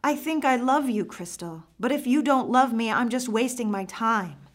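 A woman's voice: on the high side, normal speed, close to an everyday voice. Woman reading a bitter sarcastic young guy in a story, hurt and worn out. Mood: sad, tired. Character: hurt, sarcastic young man pressing a proposal.

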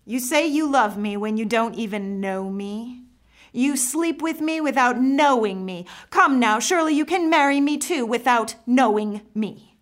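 A woman's voice: a little high, normal speed, few pauses, lightly acted. A hurt young man pressing his lover to marry him, his words bitter and sarcastic, as a woman reads him in her own voice. He sounds worn down, pushing for an answer in a story read aloud.

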